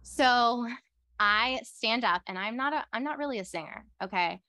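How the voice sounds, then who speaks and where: A young woman telling a story in casual conversation, excitable and full of "like" fillers. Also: a little high, normal speed, no echo, studio quality. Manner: excitable, heavy use of "like" fillers.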